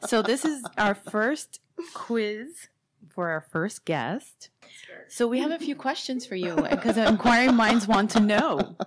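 A woman's voice: on the high side, animated, takes it slowly. A woman co-hosting a podcast, playful and teasing in casual chat. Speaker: podcast co-host.

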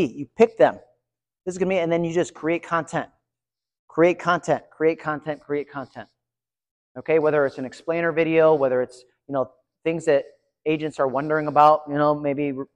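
A man giving a live conference session, chatty and energetic, talking to his audience. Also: on the high side. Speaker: conference presenter. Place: large conference room. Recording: reverberant hall.

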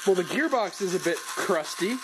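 A man with a high voice rambles through a product review at home, dry and self-mocking. He's picked up by a camera mic, with clear noise hissing under the recording. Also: lively intonation, moderate pace. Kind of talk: casual unboxing commentary. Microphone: camera microphone.

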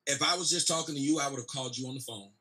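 A man in a debate, answering back in a calm, measured way. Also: medium pitch, poor audio. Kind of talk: debate exchange.

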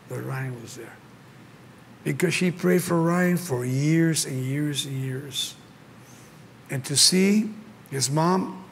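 A man's voice: mid-range voice, creaky, slight background noise. An older man from Mexico with a Mexican Spanish accent preaching a sermon at a conference, telling stories with passion and acting out the voices he quotes. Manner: impassioned storytelling, acts out quotes. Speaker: pastor. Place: large conference hall. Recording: long hall reverb, faint ambience.

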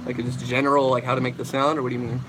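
A man's voice: medium pitch, little pitch movement, very fast, background noise. A young man casually hosting a livestream, rambling as he answers chat questions about vocals. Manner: casual, rambling, demonstrates screams.

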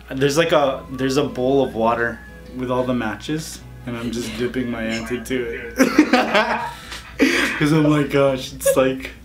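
A man hosting a relaxed YouTube chat, trading questions with a guest. He keeps things playful and breaks into laughter often. His voice sits at a middling pitch, with soft music faintly in the background. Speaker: YouTuber host. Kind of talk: casual interview chat.

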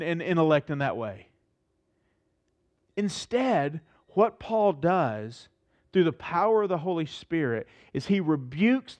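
A male pastor preaching a sermon, animated and emphatic, lifting his voice to stress points and slowing down on key phrases. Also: high-pitched.

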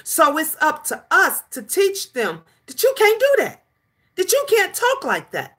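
A middle-aged grandmother ranting in casual commentary, emphatic and scolding, animated as she tells stories. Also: very high-pitched, a little slow. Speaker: commentary channel host.

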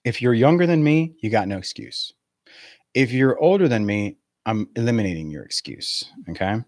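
A man's voice: mid-range voice, very animated, moderate pace, darkish tone, no room sound, clean studio sound. A man in his forties, a real estate coach giving a live video webinar in a blunt, profane, laughing rant. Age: 40s.

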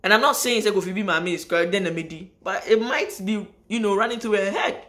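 A woman's voice: medium pitch, fast, fairly bright tone. A woman, talking straight to her viewers in a casual vlog monologue. She is emphatic and says key lines twice, and her sentences ramble and restart. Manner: emphatic, repeats phrases for stress. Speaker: vlogger. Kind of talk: casual spoken monologue to camera.

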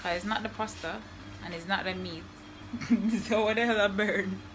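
A woman vlogger with a mid-range, steady voice speaks at a moderate pace over a noisy background in her home kitchen. Her accent blends Jamaican and British as she chats playfully, laughs, and bossily gives cooking instructions in a casual cooking vlog.

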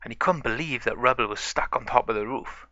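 A man's voice: medium pitch, fairly quick, sharp tone, no room sound, highs cut off. A man casually narrating a toy-play story in rambling run-on sentences.

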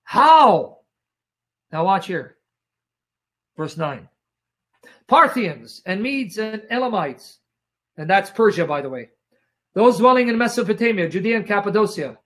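A man's voice: high voice, expressive, a little slow, pauses often, a bit bright. A man teaching the Bible in a sermon style, emphatic and repetitive, often telling listeners to watch and asking if they follow, his throat strained by coughing.

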